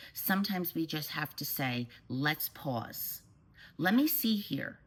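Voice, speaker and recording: Low-voiced woman parent coach. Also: rough recording. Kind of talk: advice talk to camera.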